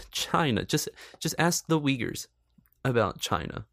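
A man's voice: medium pitch, big pitch swings, measured pace, fairly bright tone, no room sound, clean studio sound. A man giving casual, sarcastic movie commentary, swearing freely and laughing often. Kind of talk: casual film review commentary.

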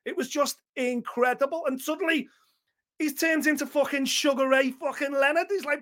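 A man co-hosting a fight podcast, talking in an excitable, gushing way and swearing freely. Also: extremely high pitch, a little fast. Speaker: podcast co-host. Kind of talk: casual MMA chat.

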